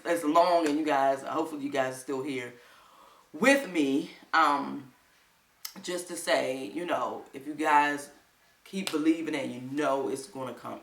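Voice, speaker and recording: Woman vlogger, casual storytelling, gravelly fry, bright tone. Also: very deep voice, roomy sound, far from the mic. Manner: animated, quotes people in livelier voices.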